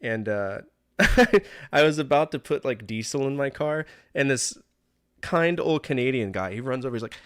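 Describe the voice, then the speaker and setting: A man's voice: medium pitch, lively intonation, normal speed, dry recording, studio quality. A man in his thirties streaming a game live, joking, complaining sarcastically and chatting with viewers. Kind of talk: live gameplay commentary. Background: faint game music.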